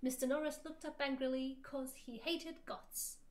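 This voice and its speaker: Woman streamer, high voice, theatrical fan fiction reading, overblown quotes. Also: steady tone, normal speed.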